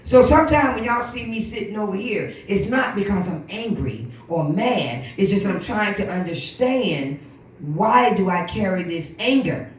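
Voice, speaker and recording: Animated woman testifying in church. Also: medium pitch, normal speed. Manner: animated storytelling with quoted voices. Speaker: minister. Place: church hall. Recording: echoey room from far off.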